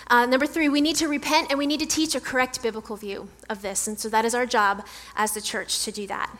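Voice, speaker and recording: A woman's voice: on the high side, fairly even intonation, fast talker, a bit bright. A woman pastor giving a conversational sermon, chatty and self-deprecating as she tells a story. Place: church sanctuary. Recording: echoey church hall.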